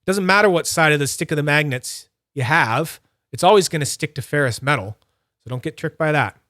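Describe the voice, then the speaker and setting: A man's voice: a little high, fairly quick, sharp tone, dry recording, studio quality. Chatty man explaining a hands-on demo. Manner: chatty, explains each step aloud. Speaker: fidget toy streamer. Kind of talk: casual live demo talking to chat.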